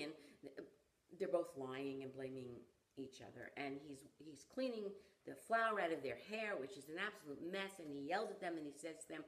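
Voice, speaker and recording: A low-pitched woman recounts a story in conversation, bringing the people in it to life with expressive delivery. As a parenting teacher, she speaks in a deep, grounded tone. The room adds a noticeable echo around her voice. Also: normal speed. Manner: animated storyteller who acts out the people in her stories. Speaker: parenting educator. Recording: roomy echo.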